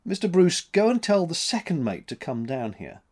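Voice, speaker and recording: A man voicing a gruff, skeptical male sea captain in a spoken story, brusque and commanding. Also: a little high, sing-song, moderate pace, darkish tone, pitched above the performer's own voice.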